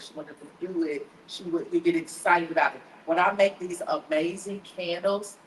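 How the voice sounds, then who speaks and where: A woman hosting a podcast, giving a motivational talk in an animated, preachy way, often acting out people's inner voices. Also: lowish voice, slight background noise. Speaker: podcast host. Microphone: live stream setup. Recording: echoey room with faint ambience.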